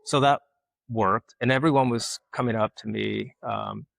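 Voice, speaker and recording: A middle-aged man from Alabama, a guest artist telling folksy stories in casual conversation and getting lively when he quotes people. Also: mid-range voice, a little slow, creaky, no room sound. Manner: folksy, animated when quoting others. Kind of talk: casual storytelling.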